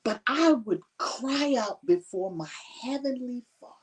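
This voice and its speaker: A woman's voice: a little high, lively intonation, measured pace, slightly rough, far from the mic. A woman speaking on a conference panel, giving earnest and emotional personal testimony and often laughing.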